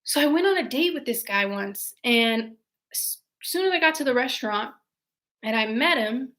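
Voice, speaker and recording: A young woman chats to her live-stream viewers from home, her voice bright and crisp with a slightly high pitch. She tells her stories in a lively, animated way and answers questions as she goes. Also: moderate pace. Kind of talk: casual live-stream chat and storytelling.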